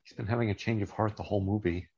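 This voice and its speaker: A man drops dry, joking asides while he watches a movie with friends. His voice is on the low side, and the recording is dull and lo-fi. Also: fairly even intonation, very fast, a little mellow, breathy edge. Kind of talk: casual movie reaction chat.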